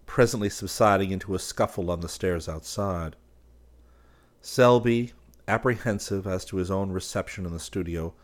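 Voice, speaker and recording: Deep-voiced male audiobook narrator. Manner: voices characters by raising pitch and volume. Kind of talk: scripted narration.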